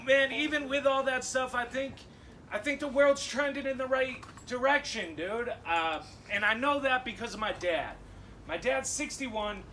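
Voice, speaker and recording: A young man from Massachusetts doing a stand-up set in a comedy club, animated and punchy, with laughing asides. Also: high voice, far from the mic, a little hiss or hum, poor audio.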